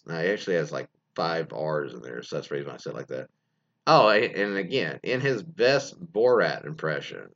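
A man's voice: sits low, lively intonation, normal speed, a bit bright, highs cut off. A man casually reading out and joking about listener stories, rambling with lots of fillers and restarts. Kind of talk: casual comedic commentary.

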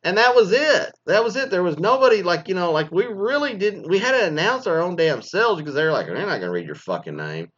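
A man's voice: high-pitched, lively intonation, fairly quick, hardly any pauses, a bit bright. A middle-aged man from Texas, a former teacher, ranting with heavy profanity and sarcasm in a casual monologue. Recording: slightly dull lo-fi sound.

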